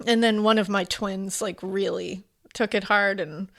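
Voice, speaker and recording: A woman's voice: mid-range voice, fairly even intonation, a little slow, a bit bright. Woman in her 40s, podcast cohost, chatty and teary, lots of likes and um and restarts. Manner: emotional, rambling with many fillers and restarts. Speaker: podcast co-host. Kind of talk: casual podcast chat.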